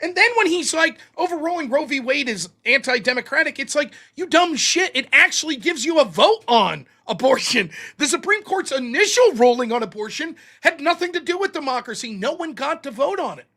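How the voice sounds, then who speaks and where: A man's voice: extremely high pitch, fairly quick, hardly any pauses. A man hosting a show, recapping his own debate in a casual, mocking way, often quoting his opponent. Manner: animated, mocking, quotes opponents in put-on voices.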